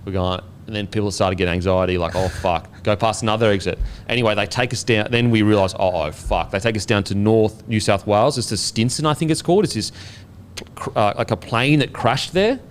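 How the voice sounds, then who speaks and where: An Australian man in his thirties hosting a podcast, telling a story in a casual, animated way and swearing freely. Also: fairly low pitch, a little fast, slight background noise. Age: 30s. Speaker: podcast host and former rugby league player.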